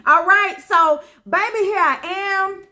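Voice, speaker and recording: A woman from Memphis, telling a funny personal story to her viewers in an animated, folksy way. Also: very high-pitched, slow. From Memphis, Tennessee. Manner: animated, talks straight to viewers with folksy asides. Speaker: storyteller host.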